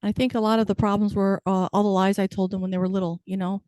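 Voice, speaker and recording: A woman's voice: medium pitch, level tone, fast, a little mellow, clear, resonant tone, no echo. A woman in her fifties performing a stand-up comedy set with wry, self-deprecating punchlines. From United States. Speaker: stand-up comic.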